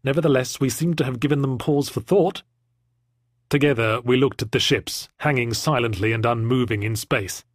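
A man's voice: medium pitch, normal speed, no echo. A man narrating an audiobook in the first person with a dry, wry storytelling manner.

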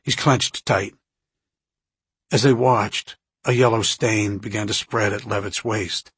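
Husky male audiobook narrator. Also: lowish voice, fairly even intonation, measured pace, fairly bright tone, no room sound. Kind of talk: scripted narration.

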